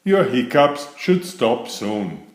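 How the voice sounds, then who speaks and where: A man voicing a calm, reassuring father turtle in a storybook reading. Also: mid-range voice, slow. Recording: echoey room.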